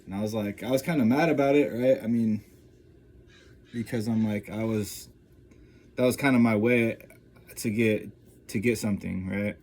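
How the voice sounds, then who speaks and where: Low-voiced man rambling through a story. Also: normal speed, pauses often, darkish tone. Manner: rambling, filler-heavy, keeps checking in with "right?" and "you know?". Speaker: vlogger. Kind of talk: casual first-person storytelling.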